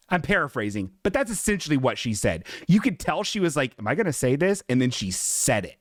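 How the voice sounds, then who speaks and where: A man's voice: medium pitch, very animated, fast, few pauses, no room sound, clean studio sound. A man hosting a podcast, telling a comedic story with sarcastic, self-mocking humor. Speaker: podcast host.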